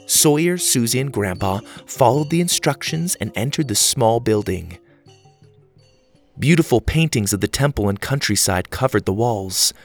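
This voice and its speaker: Lively, gravelly man narrating a kids' story. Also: medium pitch, normal speed, faint music behind. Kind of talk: scripted narration of a children's audio story.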